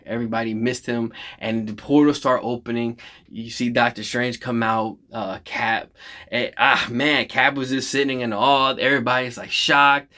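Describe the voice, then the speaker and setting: A man giving an excited, casual recap of a film's big battle as a reaction host, swearing freely and acting out the characters' lines. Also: mid-range voice. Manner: animated, swears freely, acts out lines from scenes.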